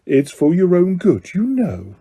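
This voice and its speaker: A man's voice: high voice, huge pitch swings, measured pace, warm tone, breathy edge, heavily acted. A man voicing a mischievous male poltergeist who taunts in a cackling sing-song voice. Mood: gleeful taunting.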